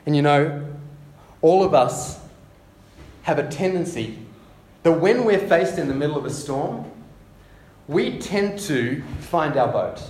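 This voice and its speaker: A man preaching a sermon, often repeating words as he goes and dropping to soft, hushed tones. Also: a little high, lively intonation, slow, long pauses. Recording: echoey room with faint ambience.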